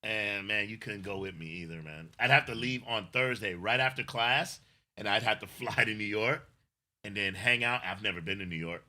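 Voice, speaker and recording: A man's voice: fairly low pitch, moderate pace, pushed and bright. A middle-aged man co-hosting a casual livestream, talking in a rambling, effusive way and thanking viewers emotionally. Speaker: livestream co-host.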